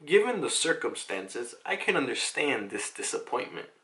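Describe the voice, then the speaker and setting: A man voicing a cold, cruel male demon noble who makes slow, measured threats. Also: mid-range voice, big pitch swings, pushed and bright, rough recording. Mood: coldly menacing.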